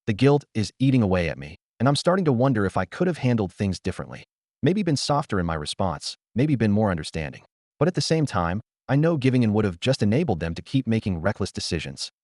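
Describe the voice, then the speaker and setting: A man's voice: lowish voice, a little mellow, no echo, studio quality. A man narrating a scripted first-person story in an earnest, conflicted way.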